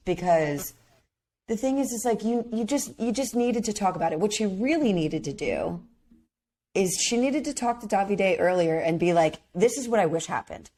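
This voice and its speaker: Slight background noise sits under this woman's lowish voice. Co-hosting a podcast, she recaps a reality show in casual, animated, emphatic chat, acting out what others said.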